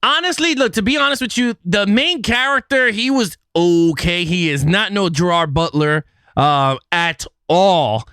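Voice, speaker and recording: A young man co-hosting a movie review podcast, talking casually and joking, with animated restarts. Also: sits high, unhurried, clean tone, no room sound, clean studio sound. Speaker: podcast co-host.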